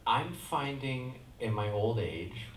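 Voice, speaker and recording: A man in his forties answering at a convention panel, telling stories with halting restarts and chuckles. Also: medium pitch, lively intonation. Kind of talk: rambling anecdotal panel answer. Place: large convention hall. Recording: echoey hall, far from the mic, noisy.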